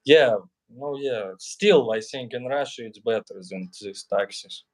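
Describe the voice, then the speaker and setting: A man's voice: mid-range voice, unhurried, a little mellow. A man streaming in a casual chat, hesitant and full of fillers. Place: in Serbia.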